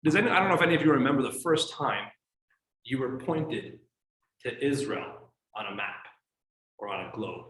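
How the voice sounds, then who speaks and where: A man's voice: medium pitch, animated, normal speed, fairly bright tone, roomy sound, poor audio. A man teaching an evening class as a rabbi, addressing his audience in a showman-like way and telling jokes.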